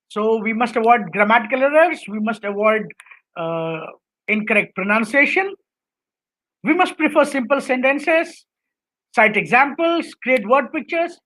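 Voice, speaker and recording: A woman's voice: a little high, a bit bright, poor audio. A woman with an Indian English accent giving a webinar lecture on public speaking, going through numbered points and often checking in with "right?". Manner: instructive, lists numbered points, tags sentences with "right?".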